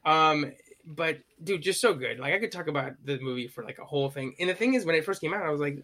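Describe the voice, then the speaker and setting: A man around thirty talking in a loose, rambling way, full of enthusiasm and casual swearing. His voice is bright and sits a little high, with a forceful edge. He chats easily as a podcast co-host. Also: expressive, quick pace. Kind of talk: casual chat.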